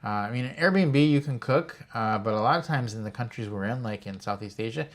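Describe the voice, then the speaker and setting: Man calmly explaining point by point. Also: medium pitch, a little fast. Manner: steady, listing examples point by point. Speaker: co-host of a retirement travel channel. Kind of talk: casual explanatory chat to camera.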